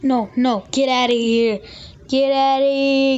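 A woman with a high voice commenting on her game, stretching her words out slowly and bursting into excited repeats. The recording is noisy, with hiss behind her. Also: highs cut off. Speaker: gamer. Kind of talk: casual gameplay commentary.

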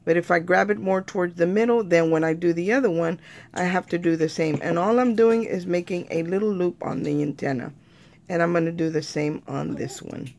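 Gravelly-voiced woman crafting tutorial. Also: fairly low pitch, brisk, darkish tone. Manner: chatty, keeps calling viewers "you guys".

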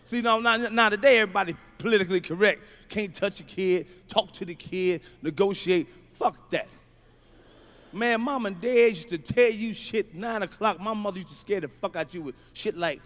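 A man doing stand-up comedy, telling profane, animated stories and acting out shouts. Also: high voice, normal speed. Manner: profane, loud, animated storytelling with acted-out shouts.

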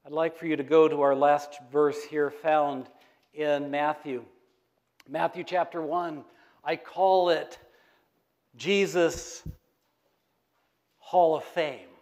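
Middle-aged male pastor, slightly high voice, call-and-response sermon. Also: steady tone, slow, pauses often, darkish tone. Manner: call-and-response preaching, asks the congregation questions. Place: church sanctuary.

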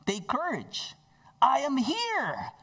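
A man voicing a calm, reassuring male savior, speaking softly and slowly. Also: a little high, husky, heavily acted. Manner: soft, slow, assuring.

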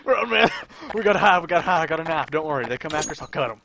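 A young man playing a roleplay game with friends, excitable and prone to yelling and laughing. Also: on the high side, racing, creaky. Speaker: game player. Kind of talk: casual gaming commentary.

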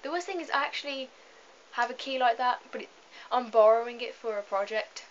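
A young woman gives loose, giggly commentary while playing a game at home, wandering off on asides. Her voice sits a little high. The camera mic makes it sound dull and lo-fi, with a faint hiss underneath. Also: a little fast. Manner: chatty, giggly, rambling asides. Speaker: let's play gamer. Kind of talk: casual gameplay commentary. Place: home room, moving away from the camera at times.

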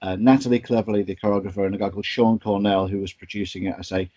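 A man's voice: lowish voice, fairly even intonation, fast, mellow, no room sound, rough recording. A man, a stage actor recalling stories in an interview, chatty with many ums and restarts. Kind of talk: interview anecdotes.

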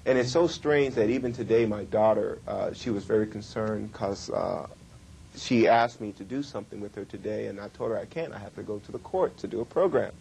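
A middle-aged man giving a workshop lecture on communication, with emphatic, drawn-out stresses. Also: on the low side, gravelly, a little mellow, slight background noise. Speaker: communication trainer.

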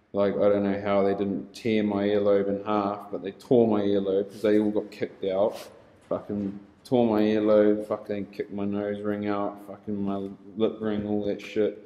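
A young New Zealand man with a New Zealand accent telling a rough story casually, heavy on swearing and laughter, now and then shouting. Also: fairly low pitch, echoey room, rough recording.

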